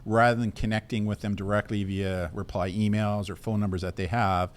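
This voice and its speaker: Older male co-host, lowish voice, dry teasing, plain questions. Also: flat delivery, brisk. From Canada. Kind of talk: casual chat.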